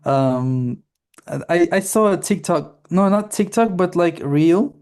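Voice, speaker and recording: A woman's voice: fairly low pitch, slow pace, darkish tone. A woman with an Armenian accent, a teacher co-hosting a casual podcast chat, teasing and playful, with many fillers. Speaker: podcast co-host, English teacher.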